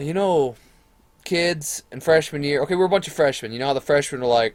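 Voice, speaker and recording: A man's voice: a little high, normal speed, dry recording. Young man, casual storytime vlogger, rambling and crude, dry close mic. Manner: rambling, profane, animated retelling with quoted voices.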